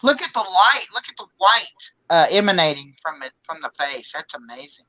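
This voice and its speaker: A man's voice: high-pitched, very animated, fairly quick, over a noisy crowd. Guy hosting on his phone, asks lots of questions, voice moves around, sounds kinda dull. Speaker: host. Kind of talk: casual video call interview.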